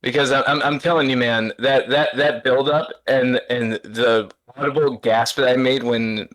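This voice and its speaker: A man in casual podcast chat, telling stories in an excitable, rambling way, stumbling over his words and laughing often. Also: medium pitch, moderate pace. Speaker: podcast co-host.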